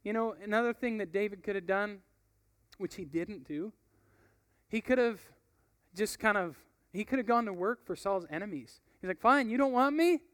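A man's voice: sits high, normal speed, fairly bright tone, dry recording, studio quality. A young man preaching in a casual, conversational way, telling a story and reading from a book. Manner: casual, conversational, uses fillers like "like" and "you know".

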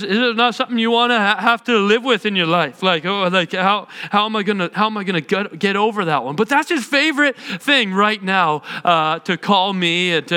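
A man preaching a sermon in church, telling funny family stories in a relaxed, conversational way. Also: high voice, clear, resonant tone, big-room sound. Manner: humorous storytelling, conversational. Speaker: pastor.

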